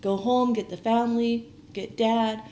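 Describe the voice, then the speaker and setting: A woman voicing a forgiving grown man who reassures his brothers, in a warm casual quoting voice. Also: on the high side, fairly even intonation, a little slow, pitched above the performer's own voice, lightly acted. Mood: reassuring. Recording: roomy echo, faint noise.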